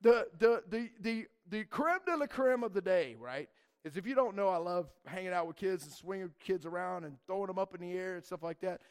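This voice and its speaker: A young man, a church youth leader, telling a rambling, animated story to a group and saying man and dude a lot. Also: high voice, fairly quick, smooth.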